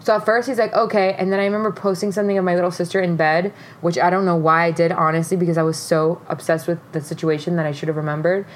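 A young woman co-hosting a casual podcast, telling a story in an animated way, with frequent swearing and laughter. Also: fairly low pitch, fast, hardly any pauses. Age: young adult. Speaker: podcast co-host.

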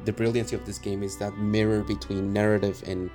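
A man co-hosting a game podcast, giving a measured, analytical critique. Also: fairly low pitch, level tone, music in the background. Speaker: podcast co-host.

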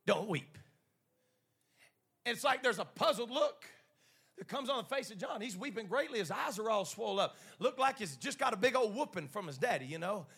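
Male preacher, very high pitch, gravelly, call-and-response sermon style. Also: lively intonation, fairly quick, a bit bright. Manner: calls on the congregation to answer back; retells scripture with dramatic vocal flourishes.

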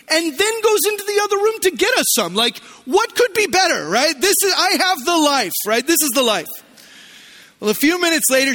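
Middle-aged male pastor, very high bright voice, lively storytelling sermon in a church. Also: big-room sound. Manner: storytelling, animated, playful asides.

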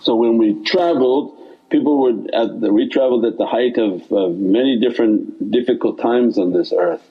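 A man's voice: mid-range voice, normal speed, slightly rough, lo-fi sound. A man teaching in an informal sermon, with meandering speech that repeats itself and loose phrasing. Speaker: religious teacher.

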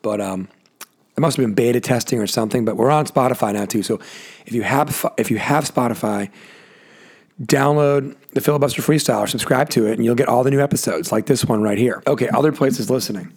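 Solo podcast host, male, gravelly and husky, worn-out voice, rambling and chatty. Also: mid-range voice, a little fast, a little mellow. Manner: rambling, self-interrupting, joking asides. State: tired, voice worn out. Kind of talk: casual solo podcast monologue. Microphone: adjusting a desk mic himself.

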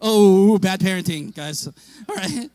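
A male pastor giving an animated storytelling sermon, often raising his voice and laughing. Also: high-pitched, takes it slowly, no echo.

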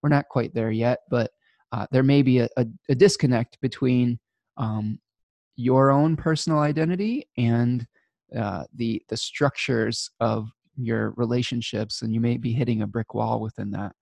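A man's voice: medium pitch, moderate pace, vocal fry, a little mellow, no echo. A man giving a weekly astrology forecast in a casual, rambling way, with frequent restarts, fillers and small laughs.

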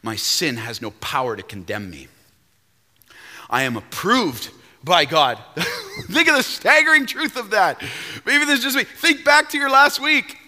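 A man preaching a sermon as pastor, emphatic and animated, now and then breaking into song. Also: sits high, a little slow, long reverb tail.

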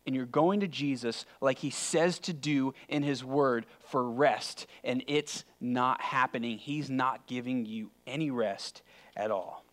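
A man preaching a sermon in a conversational, emphatic way, often dropping suddenly to a quiet voice. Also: mid-range voice, unhurried. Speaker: pastor.

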